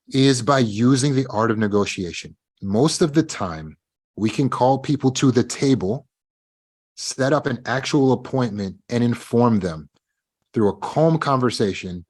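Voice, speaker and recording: A man's voice: medium pitch, lively intonation, measured pace, darkish tone. A man teaching a self-help lecture, emphatic, speaking straight to his students and acting out the lines of the people in his examples. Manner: emphatic, talks straight to his students, acts out quoted speech. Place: live online meeting.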